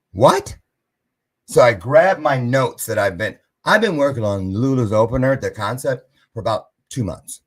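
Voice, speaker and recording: A man's voice: fairly low pitch, husky. A man hosting a live-stream show, telling a story casually and acting out the voices of the people in it. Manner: animated, acts out quoted voices.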